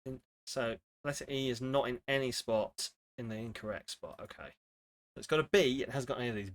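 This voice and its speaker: A man's voice: mid-range voice, fairly quick. A man streaming live, chatting casually with his viewers and swearing freely while he plays word games. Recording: faint music behind.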